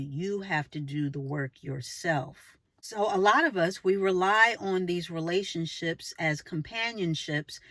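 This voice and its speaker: A woman's voice: fairly bright tone, no echo. Woman, relationship advice vlog, emphatic, preachy, rhetorical questions, dry close sound. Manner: acts out short quoted lines with exaggerated pitch jumps. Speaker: vlogger giving relationship advice. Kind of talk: casual advice monologue to camera.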